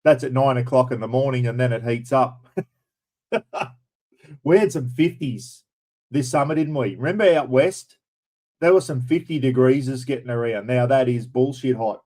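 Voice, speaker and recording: An Australian man hosting a relaxed livestream, talking in a loose, blunt way with easy swearing. His voice sits at a middling pitch, neither deep nor high. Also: moderate pace, poor audio. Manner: chatty and blunt, mild swearing, greets viewers by name. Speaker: livestream host. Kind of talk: casual chat.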